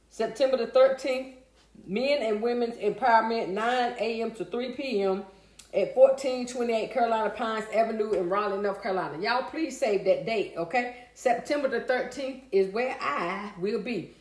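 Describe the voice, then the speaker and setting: A woman with a voice on the high side hosts a casual livestream at a moderate pace. In a folksy way, she chats with viewers and reads their comments aloud from an echoey room.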